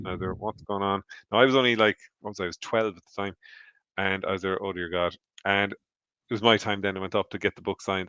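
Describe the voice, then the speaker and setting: A man's voice: deep voice, a bit bright, no echo, lo-fi sound. A man with an Irish accent, a podcast co-host telling a rambling, anecdotal story in casual chat from home. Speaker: podcast co-host on a charity stream.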